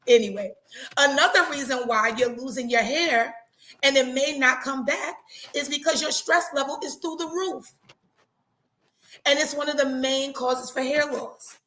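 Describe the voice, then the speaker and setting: A woman hosting a casual live talk, chatty and animated, repeating herself for emphasis. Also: high voice, unhurried, roomy sound. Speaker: host.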